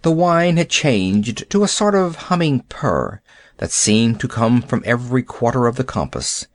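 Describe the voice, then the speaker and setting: A man narrating a classic animal story aloud in a measured, expressive storytelling manner. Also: medium pitch, dry recording. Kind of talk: storybook reading.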